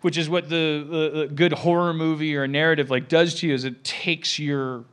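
A man in his forties rambles through casual comedic podcast chat in a bright, forceful voice. He veers off mid-sentence, piles up restarts and breaks into loud, shouting impressions of other people. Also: fairly high pitch, little pitch movement, normal speed, clear, resonant tone. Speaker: podcast host.

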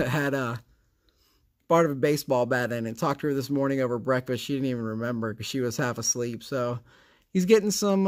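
A man hosting a casual card-opening vlog, chatty and rambling, with a sarcastic streak. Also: medium pitch. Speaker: card collecting channel host.

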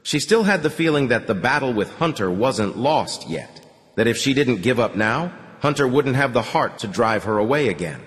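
A man narrating a novel in an audiobook with an expressive reading. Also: medium pitch, normal speed, in a large hall. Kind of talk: scripted narration.

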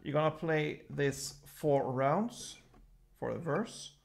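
A man teaching a guitar lesson in a casual, relaxed way, calling out chords and explaining how to pick the strings. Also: fairly high pitch, vocal fry. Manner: slow, relaxed explaining between chord names. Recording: guitar playing loudly behind the voice.

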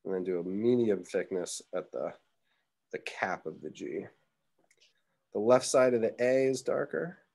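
A man's voice: lowish voice, animated, a little slow, gravelly, long pauses, a little mellow. A young man teaching a live drawing class, chatting casually and thinking aloud as he sketches. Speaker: art teacher.

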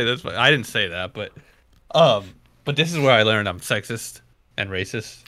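Bright-voiced young man telling stories. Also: on the low side, expressive, moderate pace, dry recording, clean studio sound. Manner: rambling storyteller, laughs often. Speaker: podcast host. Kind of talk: casual chat.

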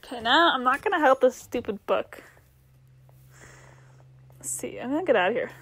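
A young woman plays a game and comments as she goes, reading its text aloud and mocking herself in exasperated mutters over faint game music. Her voice sits high, expressive and fairly bright, with a breathy edge, at a moderate pace.

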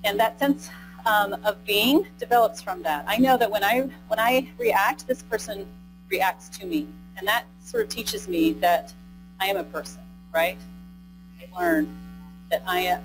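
A woman's voice: medium pitch, expressive, a little slow, music in the background, low-quality recording. A woman giving a live training lecture, speaking conversationally, tagging "right?" onto her points and asking the audience questions. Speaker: presenter. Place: conference room with a live audience.

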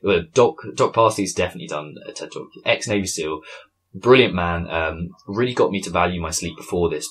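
Deep husky-voiced man hosting a podcast. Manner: casual, rambling, swears and laughs often. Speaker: podcast host. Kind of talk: solo podcast recap. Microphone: studio podcast mic.

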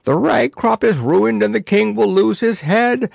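A man's voice: on the high side, lively intonation, measured pace, vocal fry, no echo, studio quality. A man voicing an aged, pompous male wise man in a storybook, talking self-importantly. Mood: gloomy.

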